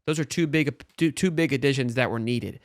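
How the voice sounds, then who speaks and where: Man, sports talk host, mid-pitched, animated and quick, dry close sound. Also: no room sound. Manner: animated, talks fast with restarts.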